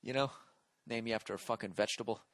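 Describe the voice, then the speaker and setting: A man's voice: fairly low pitch, fairly even intonation, fast talker, a bit bright, no echo, studio quality. A man in his forties hosting a podcast, rambling through a profane comedic monologue while on cold medicine and reading listener letters aloud. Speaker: podcast host.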